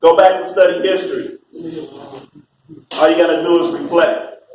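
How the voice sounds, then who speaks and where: A middle-aged American man giving an impassioned religious address to a room full of people, fervent and often rising to shouts. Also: a little high, fairly even intonation, normal speed, slight background noise. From United States. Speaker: speaker at a religious gathering. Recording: very echoey hall, mic far off.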